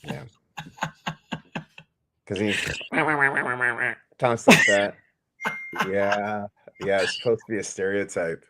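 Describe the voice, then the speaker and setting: A man's voice: on the low side, takes it slowly, vocal fry, long pauses, noisy background. A man in his forties co-hosting a podcast in casual chat, laid-back, laughing often and swearing casually. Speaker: podcast co-host.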